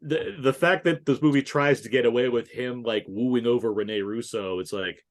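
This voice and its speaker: A man co-hosting a podcast in a casual film discussion, animated, laughing often and swearing casually. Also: mid-range voice, normal speed. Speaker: podcast co-host.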